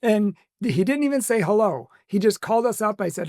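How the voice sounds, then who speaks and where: A man's voice: high-pitched, animated, a little fast, a little mellow, no room sound, clean studio sound. A man from a Catholic ministry casually recounting a phone call, with small laughs and quoted lines. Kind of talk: casual storytelling to camera.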